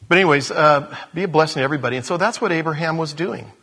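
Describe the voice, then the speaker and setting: Husky-voiced man preaching in a hall. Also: a little high, very fast, sharp tone. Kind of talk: sermon.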